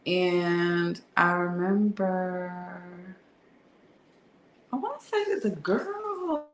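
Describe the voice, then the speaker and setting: A woman's voice: lowish voice, animated, drawn-out words, slight background noise. A woman telling a candid personal story in a frank, slangy, conversational way that is broken up with laughter. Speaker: tarot reader and channel host. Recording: echoey room.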